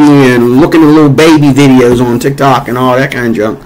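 A man from the United States rants on camera about politics. He rambles, circles back to the same points, and leans on "you know" and "um" as he grows heated. His voice sits at an ordinary middle pitch. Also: brisk, hardly any pauses, low-quality recording. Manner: rambling, repetitive, heated with frequent fillers. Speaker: vlogger. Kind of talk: political opinion rant.

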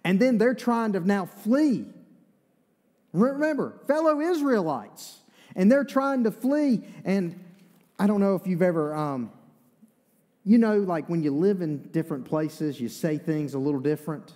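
A man with an Eastern North Carolina accent preaching in a church sanctuary. His voice sits a little high yet stays warm and mellow, and his delivery is folksy and chatty, full of asides. A long reverb of the hall trails every phrase. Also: lively intonation, measured pace. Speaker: pastor. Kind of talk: sermon.

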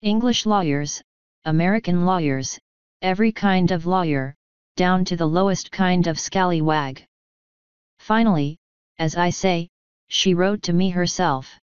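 A woman's voice: fairly low pitch, measured pace, smooth, no echo, close to an everyday voice. A woman voicing a cold, sneering aristocratic English lord, curt and disdainful. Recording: dull dry recording.

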